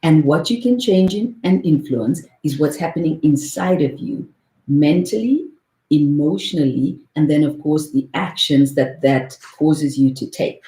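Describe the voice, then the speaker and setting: A woman's voice: sits low, lively intonation, measured pace, warm tone, roomy sound, poor audio. A woman in her forties teaching meditation on a call in an earnest way, often repeating words for emphasis and checking in with "right?". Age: 40s. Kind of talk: motivational talk on a call.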